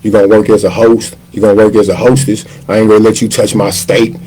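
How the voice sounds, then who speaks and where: A man in his fifties, a chef, telling his life in a relaxed sit-down interview. He talks in loose slang and keeps slipping into other people's voices as he acts out their quotes. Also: on the low side, fast, breathy edge, rough recording. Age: 50s. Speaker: chef guest. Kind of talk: casual storytelling interview.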